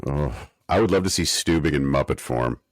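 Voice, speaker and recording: Man, very low voice, dry close sound, wry co-host, casual chat. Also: fairly quick, dry recording. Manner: wry, mock-academic rants. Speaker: podcast co-host. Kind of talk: casual chat recapping an episode.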